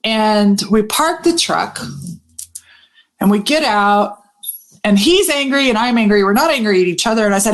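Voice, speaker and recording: Animated woman telling a story. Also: medium pitch. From Texas. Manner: animated, swearing freely, quick asides. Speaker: business coach. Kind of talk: casual storytelling to camera.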